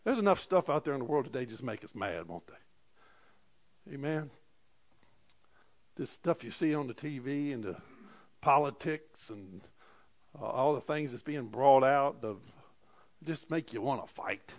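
A man preaching a sermon to a congregation, impassioned, repeating amen, with sudden swings between loud bursts and quiet asides. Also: mid-range voice, lively intonation, unhurried, pauses often. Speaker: pastor.

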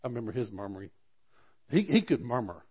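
A man's voice: medium pitch, very animated, fast talker, a little mellow, husky. Conversational male preacher. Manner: conversational preaching, reads scripture aloud, asks the congregation questions; stammers and restarts often. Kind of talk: sermon.

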